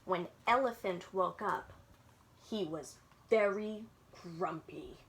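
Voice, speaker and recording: A woman's voice: lowish voice, slow pace, gravelly, fairly bright tone. A woman working as a children's librarian, reading picture books aloud to young listeners in a sing-song way and often stopping to ask them questions.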